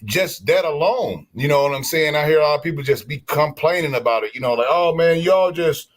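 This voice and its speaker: A man in casual stream chat, telling history stories in an animated, preachy way with many restarts. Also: a little high, fast talker.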